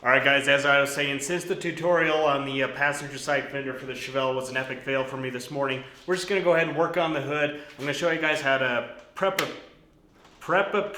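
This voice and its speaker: A young man casually hosting a hands-on car restoration vlog from his home garage, explaining his steps in a relaxed, joking way. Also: mid-range voice, a little fast, slight background noise. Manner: chatty, jokey, relaxed explaining. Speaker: host of a car restoration channel.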